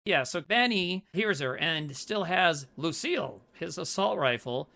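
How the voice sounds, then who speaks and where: A man's voice: on the high side, lively intonation, a little slow, gravelly, sharp tone. A man co-hosting a podcast, recapping a horror movie in casual, swearing, rambling chat. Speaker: podcast co-host.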